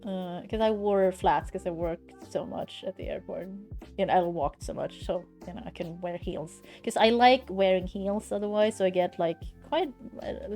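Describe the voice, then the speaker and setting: A woman's voice: lowish voice, warm tone. A woman streaming live from home, chatting casually in a blunt, ranting way and swearing freely.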